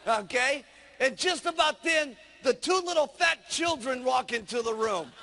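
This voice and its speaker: Man, sales trainer, animated storytelling, very slow, gravelly. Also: very high voice, long reverb tail. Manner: animated, acts out scenes with gestures.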